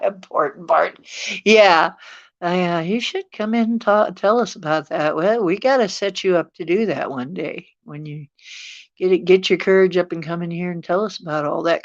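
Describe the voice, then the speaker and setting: A woman's voice: fairly low pitch, normal speed, highs cut off. A woman hosting a casual talk show, rambling with a sarcastic edge.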